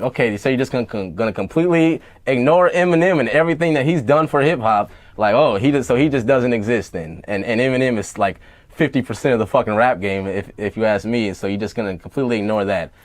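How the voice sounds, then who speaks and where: A man's voice: lowish voice, dry recording. A man talking as a rapper guest in an interview, blunt, profane and heated, with many fillers. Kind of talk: casual interview talk.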